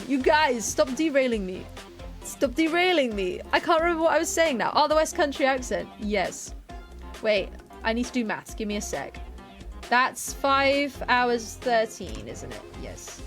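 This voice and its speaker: A woman from England chatting casually on a live gaming stream, rambling and often interrupting herself. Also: a little high.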